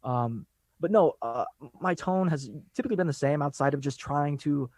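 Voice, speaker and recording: A man guesting on a podcast, talking fast and laid-back in casual chat, laughing often. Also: on the high side, lively intonation, a little mellow.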